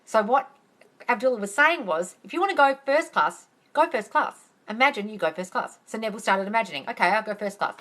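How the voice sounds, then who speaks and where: A woman coaching on manifesting, telling stories in a chatty, animated way on a phone livestream. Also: on the high side, brisk. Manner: chatty, animated storyteller who acts out quotes. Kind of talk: casual livestream storytelling.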